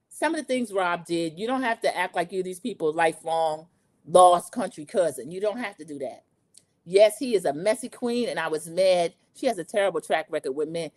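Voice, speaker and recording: A woman hosting a podcast, recapping a TV show in a chatty, animated way and talking straight to her listeners. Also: mid-range voice, dry recording. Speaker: podcast host. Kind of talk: casual TV recap chat.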